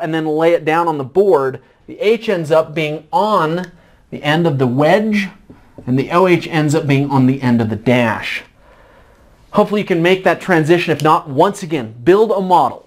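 A middle-aged man with a fairly high voice gives a laid-back whiteboard lecture. He poses questions to himself and answers them in an informal, chatty way. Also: normal speed. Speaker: chemistry tutor.

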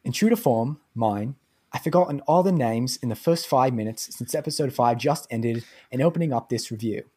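A man's voice: mid-range voice, normal speed, dark tone, breathy edge, natural voice. A man reading a listener's review aloud in a put-on Australian accent, as the voice of an Australian male fan. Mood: cheerful.

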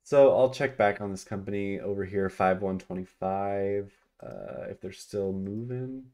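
Slow-talking man charting stocks aloud. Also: fairly low pitch, dark tone. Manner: thinks aloud, chatty, frequent ums and exclamations. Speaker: stock market vlogger. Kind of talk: casual screen-share commentary.

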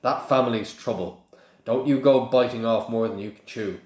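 A motherly middle-aged witch fusses and scolds in a sharp, raised voice, as a man reads her aloud. The storybook voice echoes in the room. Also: medium pitch, moderate pace, lightly acted. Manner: fussing, sharp.

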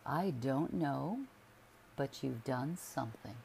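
A woman putting on a resentful ailing husband, forceful, deliberate, low, gravelly, storybook reading. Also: animated, a little hiss or hum, heavily acted. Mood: accusing. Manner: forceful, slow, accusing. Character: bitter, accusing sickly husband.

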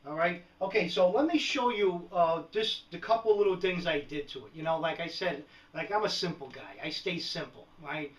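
A man's voice: on the high side, moderate pace, hardly any pauses. A man casually showing off his gear in a joking, chatty home video, often checking in with "right?" and "all right". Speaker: prepper video host. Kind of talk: casual show-and-tell vlog. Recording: dull lo-fi home video audio.

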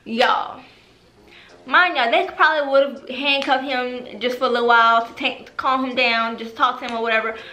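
A woman's voice: a little high, moderate pace. Echoey young woman telling a storytime. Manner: animated, profane storytelling with lots of fillers. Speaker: vlogger. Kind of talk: storytime vlog. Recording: echoey room with music behind.

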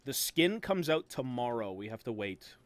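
A young man from Canada streaming a game, excitable, goofy and profane in casual chat. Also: medium pitch, moderate pace, dry recording.

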